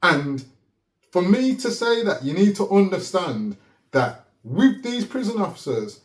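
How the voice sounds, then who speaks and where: A man telling a story in a casual, animated way, laughing often and checking in with "yeah?". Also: high voice, unhurried. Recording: roomy echo.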